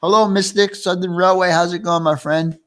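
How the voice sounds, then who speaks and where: New York host, higher voice, chatty and quick to laugh. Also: male voice, steady tone. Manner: reads out viewer comments, chatty, laughs easily. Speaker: live-stream host. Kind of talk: casual live-stream chat.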